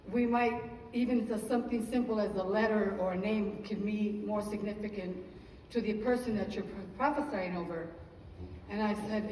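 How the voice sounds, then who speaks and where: A woman's voice: mid-range voice, darkish tone, slight background noise. A woman giving an emotional church testimony, telling her story earnestly and praising God between sentences, recorded from far off in an echoey church hall.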